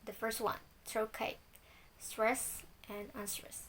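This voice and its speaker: Young woman student presenter, gravelly edge, faint noise behind; steady recital of examples. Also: mid-range voice, a little slow, low-quality recording. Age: young adult. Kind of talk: reading a class presentation.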